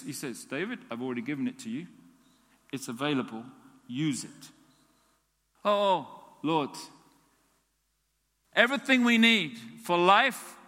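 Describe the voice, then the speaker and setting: Animated preacher man in a reverberant hall. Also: high-pitched. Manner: animated, acts out dialogue with God. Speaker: pastor. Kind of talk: sermon.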